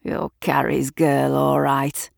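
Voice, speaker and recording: A woman voicing a hoarse, scrounging man who wheedles for a cigarette in a storybook reading. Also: a bass voice, completely flat delivery, slow pace, no echo, studio quality, full character voice. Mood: wheedling. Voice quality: hoarse, rough. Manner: wheedling, cadging.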